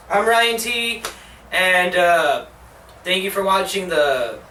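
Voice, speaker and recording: Slow-paced but forceful, a young man with a high, bright voice and lively intonation reviews a movie on his show amid slight background noise. It's a casual rant: rambling, profane, stuffed with "like," and punctuated by exasperated outbursts, captured by a faraway mic in an echoey room.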